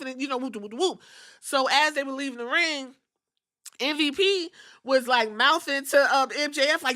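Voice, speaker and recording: Middle-aged woman podcast host, casual and profane storyteller, bright and a touch high. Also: moderate pace. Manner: animated storytelling, acting out quotes, swearing freely. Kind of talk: casual recap of wrestling episodes.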